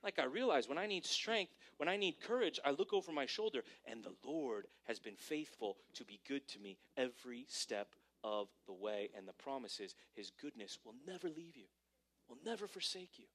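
A male pastor delivering a sermon to a congregation, preaching animatedly and swinging between hushed and emphatic delivery. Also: medium pitch, lively intonation, normal speed. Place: church service before a congregation.

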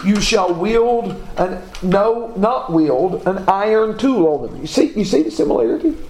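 Slow, high-voiced man teaching Bible class. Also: expressive, a little mellow. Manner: reads scripture aloud, asks class questions, self-corrects. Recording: echoey room, faint background noise.

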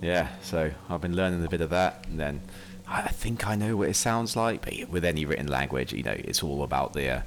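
A man's voice: rumbling low, expressive, a little fast, few pauses, a little hiss or hum. A man playing a tabletop game, rambling enthusiastically in casual chat. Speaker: player.

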